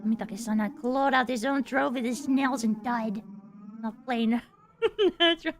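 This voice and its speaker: Woman streamer, slightly high voice, reading game text, playful reactions. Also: moderate pace, slight background noise. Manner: playful, giggly, goofing around between readings. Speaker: streamer playing a visual novel.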